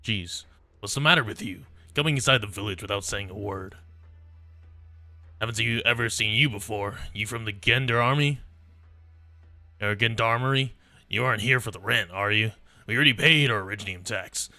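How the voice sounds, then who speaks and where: A man voicing a gruff, defensive male farmer from a game story who curses and grumbles. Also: on the low side, fairly quick, pushed and bright, dry recording, soft background music. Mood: wary. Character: defensive male farmer villager, rough-talking.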